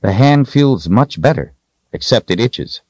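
A man's voice: medium pitch, animated, measured pace, a little mellow, no echo, lo-fi sound, pitched above the performer's own voice. A man doing an earnest young woodsman.

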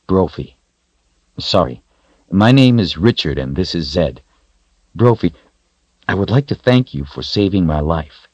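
A man's voice: deep voice, unhurried, long pauses, dry recording, muffled recording. A man voicing a nervous, easily startled young man. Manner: nervous, excitable.

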